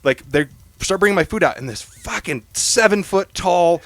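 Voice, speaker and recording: Profane, animated young man telling stories. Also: high voice, moderate pace, no echo. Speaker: podcast co-host. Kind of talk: casual storytelling chat.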